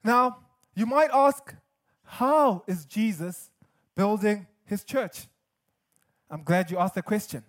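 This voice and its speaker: High-pitched male pastor, earnest and emphatic preacher, sermon delivery with touches of humor. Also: slow, long pauses.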